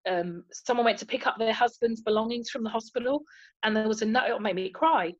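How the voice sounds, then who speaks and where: A woman who is a head of nursing, talking in an emotional, halting way. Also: on the high side, dry recording, lo-fi sound.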